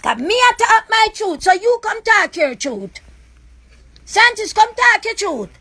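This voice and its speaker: A woman's voice: extremely high pitch, very animated, unhurried, pushed and bright. A woman with a Jamaican accent, ranting on a live stream in a raw, accusing, repetitive way. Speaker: livestreamer. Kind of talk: emotional live-stream rant.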